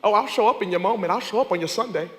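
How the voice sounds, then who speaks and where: A man voicing a calm, gentle male teacher who makes soft, reassuring promises. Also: high-pitched, very fast. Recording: long reverb of a large hall.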